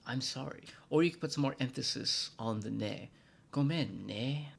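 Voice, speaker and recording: In scripted educational narration for his Japanese-lesson vlog, a man from the United States speaks a little fast in a medium-pitched, gravelly, slightly rough voice. His tone is playful, with dips into hushed asides and mock-formal phrasing.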